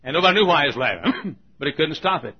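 A man's voice: fairly high pitch, sing-song, fast talker, husky, highs cut off. A man preaching a sermon, telling folksy stories with humor and poking fun at himself. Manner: folksy, humorous, self-mocking storytelling.

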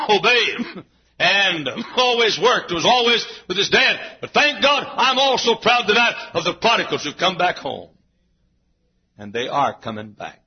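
Husky-voiced preacher building to shouts. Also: male voice, sits high. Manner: preaching with rising, shouted climaxes and repetition. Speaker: pastor. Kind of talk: sermon. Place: church. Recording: dull lo-fi sermon recording.

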